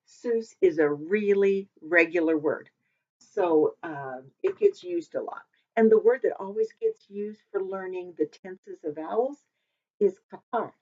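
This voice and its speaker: A woman's voice: fairly low pitch, unhurried, warm tone. Chatty woman teaching, dull recording. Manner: chatty, thinks aloud, double-checks herself. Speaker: Hebrew teacher. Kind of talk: informal recorded lesson.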